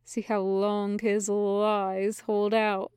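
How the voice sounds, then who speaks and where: A woman voicing a malicious male voice in someone's head, slow, hissing and coaxing. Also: medium pitch, completely flat delivery, darkish tone, clean tone, no echo, studio quality. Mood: menacing.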